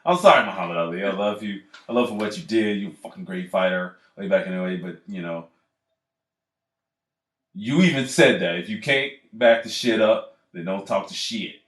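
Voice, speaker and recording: A man's voice: lowish voice, moderate pace, fairly bright tone. A man on a casual podcast, telling stories in a rambling, profane way and laughing often. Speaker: podcast co-host. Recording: echoey room.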